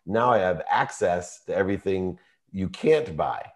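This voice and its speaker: Man, 50s, guest storyteller; low-pitched, emotional and animated. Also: unhurried. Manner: emotional, animated storytelling with laughs and vivid quotes. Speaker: podcast guest. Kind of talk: personal storytelling in conversation.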